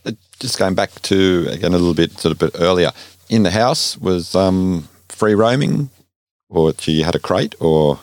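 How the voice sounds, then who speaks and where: A man's voice: sits low, animated, moderate pace, darkish tone, no room sound. A man hosting a podcast, asking interview questions in a hesitant, searching way.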